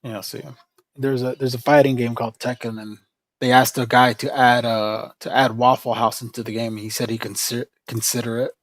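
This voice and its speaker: A man chats casually on his livestream, wandering from thought to thought and restarting often. His voice sits at an ordinary middle pitch, close and dry with no room sound around it. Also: little pitch movement, fairly quick, no room sound. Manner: rambling, with frequent restarts and fillers. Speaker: livestream host.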